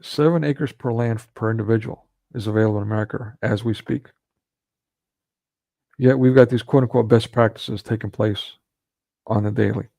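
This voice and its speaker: Gravelly man ranting sarcastically. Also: fairly low pitch, fairly even intonation, normal speed, warm tone, no room sound. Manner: sarcastic, scornful, with mocking laughs. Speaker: commentator. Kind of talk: ranting monologue commentary.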